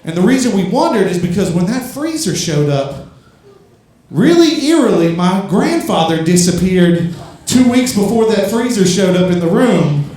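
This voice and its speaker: A young adult man from Louisiana doing a stand-up set on a club stage, storytelling with lots of swearing and loud, high punchlines. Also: big pitch swings, moderate pace. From Louisiana, USA. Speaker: stand-up comedian. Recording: very echoey club room.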